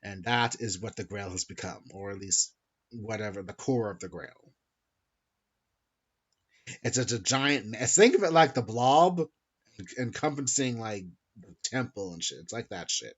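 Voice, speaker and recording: A man's voice: lowish voice, lively intonation, measured pace, pauses often, slightly rough. A man hosting a podcast, casually recapping a story in a rambling, self-correcting way with some swearing. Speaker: podcast host. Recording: dull lo-fi sound.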